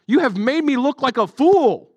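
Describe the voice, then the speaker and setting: A man's voice: a little high, a little fast, dry recording, pitched below the performer's own voice, natural voice. A man voicing a stubborn male prophet who insists and repeats himself. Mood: raging. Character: stubborn prophet man, pleading then raging.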